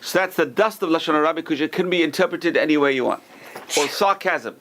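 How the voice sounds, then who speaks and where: A man's voice: on the high side, fast, fairly bright tone. A man teaching an informal Torah class as a rabbi, talking conversationally and acting out gossipy lines with joking asides.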